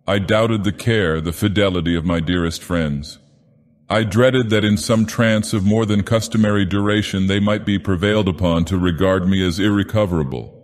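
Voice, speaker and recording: A man's voice: low-pitched, fairly even intonation, normal speed, lightly acted. A man voicing a grandiose, menacing ancient god-villain as he narrates a horror tale solemnly. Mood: brooding. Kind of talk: dramatic horror reading. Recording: long reverb.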